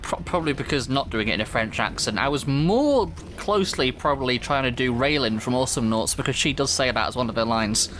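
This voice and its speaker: A man's voice: medium pitch, expressive, brisk, few pauses, a bit bright, slight background noise. Chatty Mancunian man gaming. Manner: chatty, laughs often. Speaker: let's play host. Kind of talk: casual gameplay commentary.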